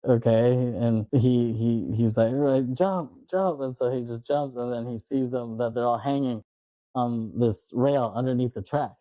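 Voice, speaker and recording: Male podcast co-host, 30s, very dark and mellow tone, dry sound, lively retelling with quick impressions. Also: mid-range voice, no room sound, lo-fi sound. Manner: animated, acts out movie lines in quick impressions. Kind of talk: casual chat recapping a movie.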